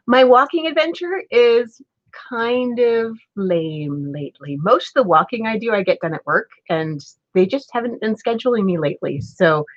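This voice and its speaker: A woman's voice: fairly high pitch, measured pace, no room sound. Chatty woman streamer, dull lo-fi audio. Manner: chatty, laughs often. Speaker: crafting live streamer. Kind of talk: casual live stream chat.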